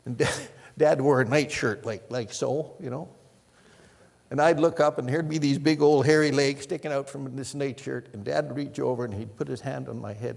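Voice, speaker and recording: Gravelly older male preacher in a reverberant hall. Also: mid-range voice, steady tone, moderate pace. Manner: storytelling, swings from loud emphasis to hushed near-whispers. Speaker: pastor. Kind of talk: sermon.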